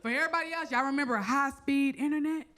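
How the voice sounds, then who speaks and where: A female stand-up comedian in an animated, teasing way, talking straight to the crowd. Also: high-pitched, quick pace. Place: comedy stage.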